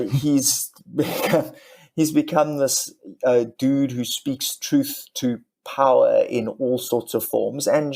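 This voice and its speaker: A man's voice: medium pitch, vocal fry, mellow. A middle-aged comedian and ventriloquist, talking candidly and reflectively as a podcast guest, often restarting his sentences.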